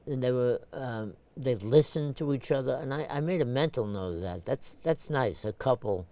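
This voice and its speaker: An older man from Brooklyn, telling stories at a rambling pace, full of fillers and restarts, and clearing his throat often. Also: mid-range voice, lively intonation, moderate pace, warm tone. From Brooklyn, New York. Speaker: photographer, interview guest. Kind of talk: casual storytelling interview.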